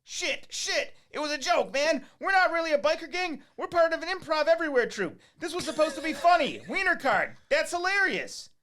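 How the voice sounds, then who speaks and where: A man's voice: on the high side, lively intonation, normal speed, gravelly, few pauses, heavily acted. A man doing a brash biker with a put-on Italian accent. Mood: panicked, defensive. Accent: Italian-American put-on. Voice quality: loud, brash, mock-menacing. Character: tough-talking male biker, Italian-style accent.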